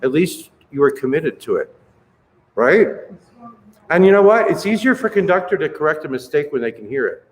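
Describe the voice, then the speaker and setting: A man's voice: on the high side, big pitch swings, moderate pace. A man conducting a choir rehearsal, counting beats aloud, encouraging the singers and singing bits to show them. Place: rehearsal hall. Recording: roomy rehearsal hall with music.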